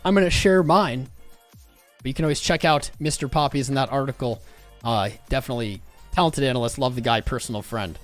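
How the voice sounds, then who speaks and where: A man's voice: mid-range voice, soft background music. Man hosting a casual crypto livestream. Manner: loose, jokey, quick shout-outs with sudden shifts in pace and loudness. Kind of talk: casual live-stream chat reading out viewer names.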